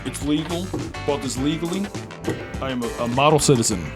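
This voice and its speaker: A man's voice: medium pitch, a little fast, music in the background. A man hosting a casual podcast, rambling through stories, laughing often and swearing freely. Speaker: podcast host. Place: New York.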